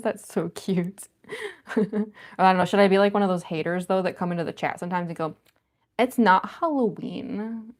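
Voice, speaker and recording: Chatty woman on a livestream, lots of giggles, kinda low voice, heavy fry. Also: a little mellow. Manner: chatty, giggly, reads chat comments aloud. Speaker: cosplayer livestreamer. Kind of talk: casual livestream chat.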